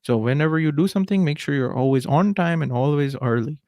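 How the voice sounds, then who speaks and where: A man's voice: fairly high pitch, quick pace, a little mellow, no echo, clean studio sound, natural voice. A young man in his twenties voicing a strict middle-aged father with an Indian accent, giving firm, lecturing advice. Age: 20s.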